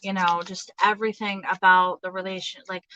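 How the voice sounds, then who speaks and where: A woman in her thirties giving a casual tarot reading, halting and hesitant, with many fillers and restarts. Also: medium pitch, little pitch movement, sharp tone, highs cut off, slight background noise. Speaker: tarot reader.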